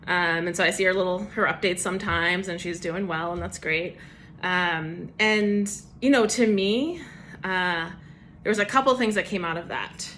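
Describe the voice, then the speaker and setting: A woman's voice: on the low side, normal speed, fairly bright tone, a little hiss or hum. A woman giving a casual personal testimony devotional for her church, chatty, with many fillers.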